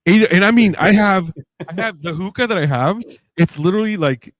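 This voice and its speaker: Animated storytelling man, dry mic. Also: high-pitched, a little fast, dry recording. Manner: animated storyteller, acts out quoted voices with laughs. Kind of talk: casual podcast chat.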